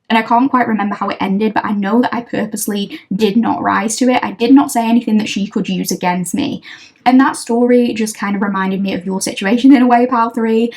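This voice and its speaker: A woman's voice: medium pitch, fairly even intonation, fairly quick, darkish tone. A young woman, a tarot reader casually telling a story to camera, chatty and wry, often laughing.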